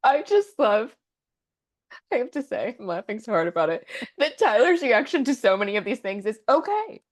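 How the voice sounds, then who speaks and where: A woman's voice: medium pitch, sing-song, moderate pace. A woman co-hosting a podcast in casual chat, an amused listener who laughs readily. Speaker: podcast co-host.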